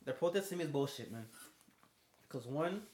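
A man's voice: on the high side, moderate pace, slight background noise. A young man, chatting casually on a podcast and acting out both sides of his stories. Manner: animated storyteller, acts out both sides of conversations. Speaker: podcast co-host. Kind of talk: casual chat. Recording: roomy echo.

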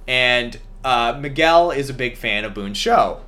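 A man hosting a podcast, casually recapping an action movie with animated storytelling and frequent laughs. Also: mid-range voice, a little slow. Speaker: podcast host.

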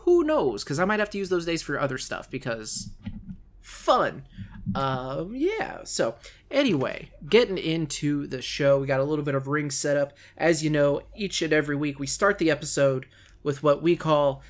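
A man hosting a wrestling podcast, chatting casually and joking with his co-host, talking fast and with enthusiasm. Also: a little high.

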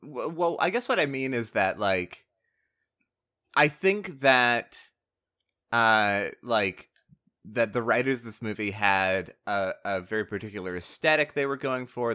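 A man's voice: mid-range voice, pushed and bright. A man in casual chat about a movie, rambling with lots of fillers and the odd swear word.

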